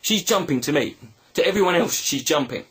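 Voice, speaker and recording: Man, higher-pitched voice, husky tone, earnest, halting speech, personal vlog monologue. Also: lively intonation, a bit bright. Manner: halting, earnest, with many restarts. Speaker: video blogger.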